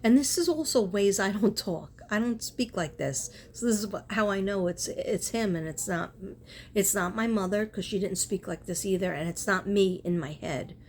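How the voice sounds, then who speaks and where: A woman's voice: mid-range voice, moderate pace, a little mellow, slight background noise. A woman chatting casually in a spiritual vlog, rambling and earnest, often breaking off and restarting. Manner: rambling, self-interrupting, earnest. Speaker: spiritual artist and vlogger.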